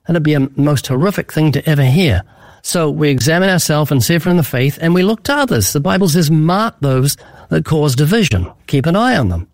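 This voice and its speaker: A man's voice: fairly high pitch, lively intonation, a little fast, a little mellow, no echo. A man explaining his evangelism in an interview, telling stories with acted-out dialogue. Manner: urgent storytelling with acted-out dialogue. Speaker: evangelist guest. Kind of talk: earnest preaching in an interview.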